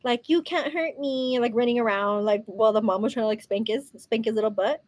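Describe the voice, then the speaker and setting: Chatty El woman, bright high voice. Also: a little fast. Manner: chatty, mixes Spanish words into English, swears playfully, laughs often. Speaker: beauty vlogger. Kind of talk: chatty get-ready-with-me talk.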